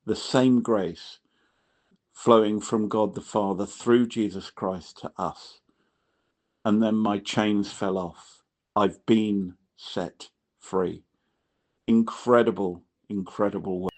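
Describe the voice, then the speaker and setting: A male podcast host speaks in a measured, reverent manner, lingering over each phrase. He talks slowly in a lowish voice. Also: fairly even intonation, darkish tone. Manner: measured and reverent, dwells on words. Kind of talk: reflective podcast talk.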